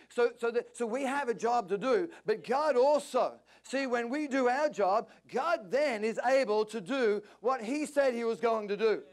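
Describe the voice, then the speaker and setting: A man preaching a passionate sermon at a church service, climbing to near-shouts. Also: very high-pitched, moderate pace, hardly any pauses. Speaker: pastor.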